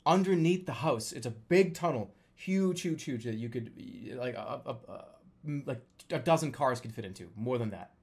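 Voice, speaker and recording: A young man casually telling a story, swearing freely and loudly acting out the lines he quotes. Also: medium pitch, expressive, moderate pace. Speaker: storyteller recounting a dream.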